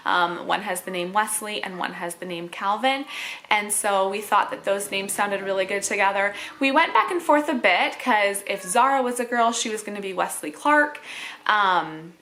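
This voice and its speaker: A woman speaks in a chatty, casual way to her viewers, her voice clear and bright. She drifts through thoughts with easy fillers and a light, friendly laugh here and there, like a mom talking to camera. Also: medium pitch. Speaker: mom vlogger.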